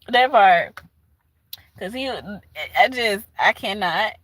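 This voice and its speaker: A woman with a Southern US accent chatting casually with her livestream viewers, animated and laughing often. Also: fairly high pitch, no room sound. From southern United States. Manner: animated, laughs often, talks back to chat. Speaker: livestream host.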